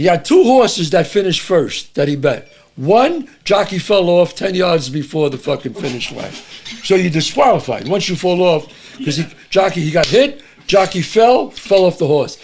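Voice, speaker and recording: A man's voice: sits high, a little hiss or hum. An older man from New York with a New York accent, a podcast guest telling profane neighborhood stories in casual chat and acting out the lines of the people in them. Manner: animated, swearing, acts out characters' lines.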